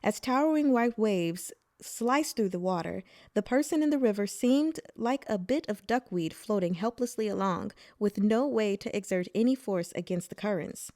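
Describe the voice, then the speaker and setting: A woman reading a novel aloud as narrator, in a plain, steady storytelling manner. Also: mid-range voice, moderate pace, hardly any pauses, no echo, studio quality. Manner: plain steady narration, voices dialogue briefly. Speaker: audiobook reader.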